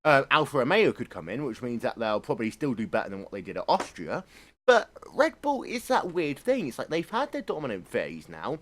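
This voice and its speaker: A man's voice: mid-range voice, wildly swooping pitch, fairly quick. A man co-hosting a casual motorsport chat, rambling and opinionated, swearing freely. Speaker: motorsport show co-host.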